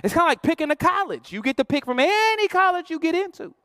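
A man's voice: extremely high pitch, sing-song, fast, fairly bright tone, dry recording, clean studio sound. A male pastor preaching a sermon in a playful, slangy, conversational way, acting out quoted voices.

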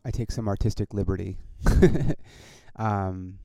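Gravelly, low-voiced man rambling casually. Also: slow, mellow, no echo. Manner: rambling, swears often, many restarts. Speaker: podcast host and comedian.

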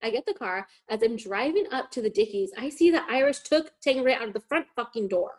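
A young woman with a slightly high voice tells a chaotic story in a casual podcast chat. She swears freely and acts out each quoted line. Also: lively intonation, brisk, a little mellow.

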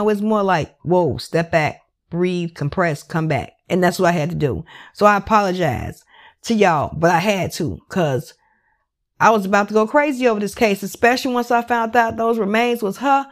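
A woman narrates a true crime case in a loose, conversational way, her voice sitting at an ordinary middle pitch. She talks candidly and with feeling, swears freely and keeps slipping in "like" as she goes. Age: adult parent. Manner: emotional, candid and profane, with many "like" fillers. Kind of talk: casual true crime recap.

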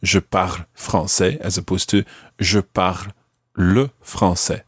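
A man hosting a podcast language lesson, teaching patiently and slowing down to spell out each phrase. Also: deep voice, level tone, a bit bright, husky, no echo, studio quality.

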